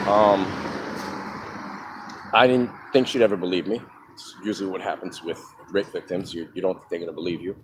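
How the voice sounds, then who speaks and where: A man telling his own life story in a frank, halting way, pausing often with ums. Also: low-pitched, fairly even intonation. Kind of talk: candid personal monologue. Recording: outdoor traffic noise behind.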